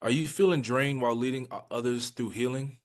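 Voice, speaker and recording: Guy reading the webinar blurb, quick promo style, average pitch. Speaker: co-host reading the session description.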